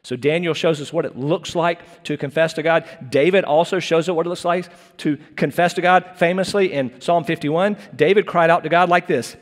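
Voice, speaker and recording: A man's voice: fairly high pitch, fairly even intonation, normal speed, hardly any pauses, long reverb tail. A man preaching an earnest, conversational sermon as pastor, often restarting his phrases.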